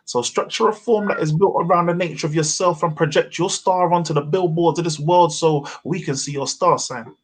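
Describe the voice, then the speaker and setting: A man performing spoken word poetry at a virtual open mic, with measured, rhythmic delivery and heavy wordplay, heard over a video call. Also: fairly high pitch, fairly even intonation, slightly rough.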